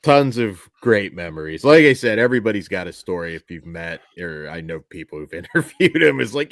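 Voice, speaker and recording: A man's voice: low voice, very animated, fairly quick, creaky, few pauses, dry recording, clean studio sound. A man hosting a horror podcast, easygoing, steering the casual conversation. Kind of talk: casual chat.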